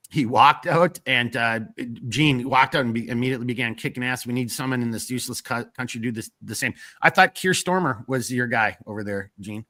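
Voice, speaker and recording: A man's voice: medium pitch, bright, forceful tone, dry recording, studio quality. A man with a northern US accent hosting a live stream, reading viewer comments in a rambling, blunt way and swearing freely.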